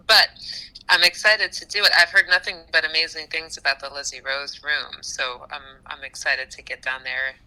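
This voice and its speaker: A woman musician chatting casually in an interview, animated, with frequent laughs and fillers. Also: low voice, rough recording. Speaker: musician guest.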